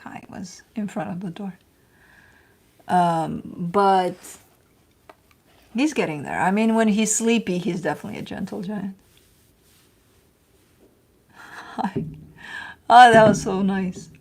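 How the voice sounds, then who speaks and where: A woman reads tarot cards on a livestream, chatty and rambling, slowly and with long pauses in a gravelly voice. Now and then she breaks off to coo at her pets in a high, excited tone.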